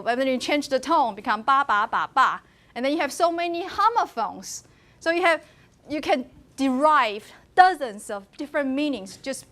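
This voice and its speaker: High-voiced woman lecturing. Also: a bit bright. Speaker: university linguistics lecturer. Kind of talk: classroom lecture. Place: classroom.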